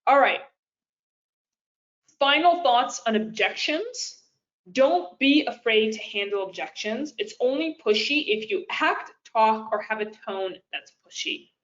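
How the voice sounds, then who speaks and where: A woman business coach presents a live webinar in a fairly high, animated voice, taking her time with a slightly bright tone. She's chatty and direct, calling her audience "you guys" and using frequent fillers, and the webinar audio is lo-fi.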